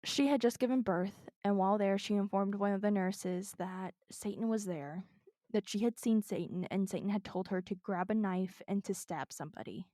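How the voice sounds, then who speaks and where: A woman's voice: mid-range voice, normal speed, mellow, no room sound, studio quality. A woman co-hosting a podcast, earnestly telling a true crime story in casual chat from her notes.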